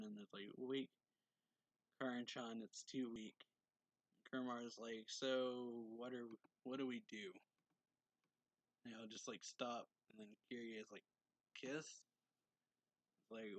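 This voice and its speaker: A manga reviewer loosely recaps a manga chapter in a casual, rambling way, giving characters' lines small lifts in his voice as he acts them out. His voice is mid-range and a bit bright, and the rough recording has no echo.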